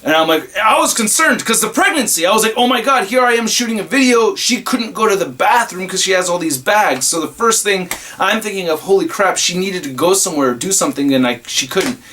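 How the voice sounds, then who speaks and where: A man who reviews toys online, excitedly telling a rambling story in a casual vlog. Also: sits high, fairly quick, hardly any pauses. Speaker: toy reviewer and YouTuber.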